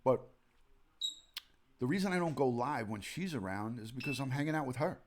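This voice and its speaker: A man's voice: medium pitch, lively intonation, moderate pace, noisy background. A man in his forties with a New York accent, a retired detective hosting a rambling late-night live stream from home, chatting and greeting viewers by name. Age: 40s. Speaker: livestream host, retired detective. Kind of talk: casual live-stream chat.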